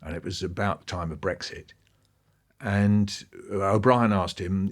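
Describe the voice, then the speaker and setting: This man is a podcast interview guest who recounts stories with animation and a pitch that rises and falls. He speaks in an unhurried way.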